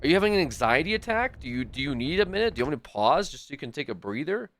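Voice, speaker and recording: A man's voice: fairly high pitch, big pitch swings, very fast, fairly bright tone. A man streaming a game live, talking back to his chat in an exasperated, swearing rant. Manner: frequent swearing. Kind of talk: live gaming stream commentary.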